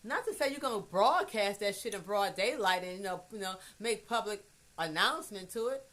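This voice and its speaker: A woman musing in a casual monologue, blunt and profane, swinging from hushed asides to emphatic loud bursts. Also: medium pitch, lively intonation, a little fast. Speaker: vlogger.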